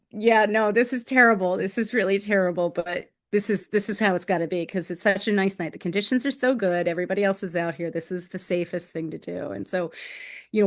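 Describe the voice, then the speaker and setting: A woman guest on a podcast, telling a lively story full of fillers and acted-out quotes. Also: mid-range voice. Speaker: guest, open water swimming crew member.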